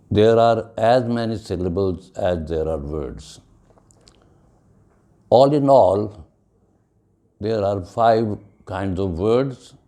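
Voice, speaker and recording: A middle-aged man delivers a classroom lecture at a very slow, measured pace. His voice is low, dark and gravelly, and he spells out each word letter by letter. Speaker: English teacher.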